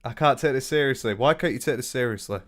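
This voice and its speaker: A man's voice: mid-range voice, fast. A British man reacting to a video in a mocking, sarcastic commentary full of swearing. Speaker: commentary streamer.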